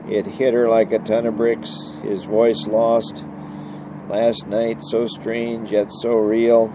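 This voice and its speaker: A man narrating a novel as an audiobook, with a steady, plain storytelling delivery. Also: lowish voice, slow pace, background noise. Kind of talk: novel reading.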